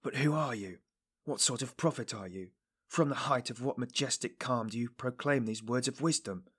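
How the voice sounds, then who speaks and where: A man voicing a weary, scornful young male student in an audiobook, speaking quietly and bitterly. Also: on the low side, moderate pace, breathy edge. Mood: incredulous. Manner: subdued, bitter.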